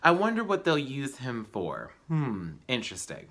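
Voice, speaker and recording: Chatty bright-voiced young man reviewing. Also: moderate pace. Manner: chatty, animated, slangy, with high-pitched exclamations. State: tired. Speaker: YouTube reviewer. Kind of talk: casual review vlog.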